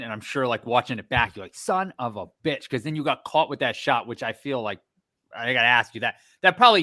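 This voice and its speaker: A middle-aged man co-hosting a casual chat show, an animated storyteller who swears freely. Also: mid-range voice. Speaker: podcast co-host.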